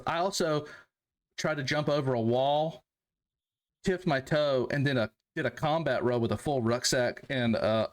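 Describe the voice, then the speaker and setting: A young adult man, an army veteran guest on a podcast, telling stories casually, with plenty of swearing and loud, high-pitched acted-out quotes. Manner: animated, profane, acts out quotes in loud high voices. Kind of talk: casual storytelling.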